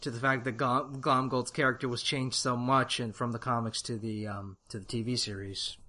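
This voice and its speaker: A man co-hosting a casual review chat, animated and often laughing. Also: mid-range voice, moderate pace. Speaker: podcast co-host.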